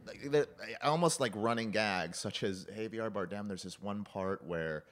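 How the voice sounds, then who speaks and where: A man chatting casually about films, telling animated stories and acting out the characters' lines. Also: on the low side, moderate pace. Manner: animated storytelling, acts out quoted lines, laughs often. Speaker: podcast guest discussing film. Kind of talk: casual chat.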